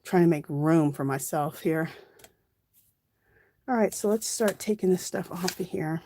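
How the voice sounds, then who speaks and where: This is a woman with a fairly low voice who speaks a little slowly against a noisy background. Recorded on a phone at her craft table during a casual crafting livestream, she chats in a rambling way, working things out aloud as she goes.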